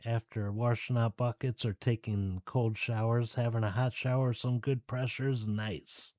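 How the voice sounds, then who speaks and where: A man hosting his own podcast, talking casually and directly to his listeners in a relaxed, chatty way. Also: medium pitch, moderate pace, dry recording, studio quality. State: tired, yawning. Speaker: podcast host. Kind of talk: casual solo podcast talk.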